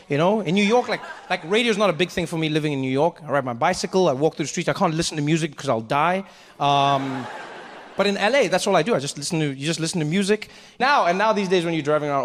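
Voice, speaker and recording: A man doing stand-up comedy, telling stories in a loose, conversational way. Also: a little high. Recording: echoey hall with live noise.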